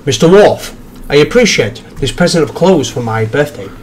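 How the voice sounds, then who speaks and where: A man's voice: fairly high pitch, lively intonation, moderate pace, a little hiss or hum, lightly acted. A man playing a pompous starship captain, reading a log in a stiff, formal way. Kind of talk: comedic script reading.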